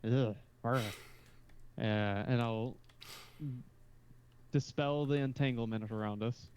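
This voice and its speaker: A man's voice: medium pitch, slow, a little mellow, dull audio, slight background noise. An easygoing man chats through a tabletop role-playing session and moves between his character and table talk. Faint keyboard typing clicks away behind his voice. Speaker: player. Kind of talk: tabletop game role-play.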